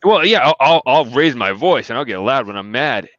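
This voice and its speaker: A man hosting a casual chat, telling a quick story with laughs and loose asides. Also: medium pitch, expressive, fairly bright tone, no room sound, highs cut off. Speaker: podcast host.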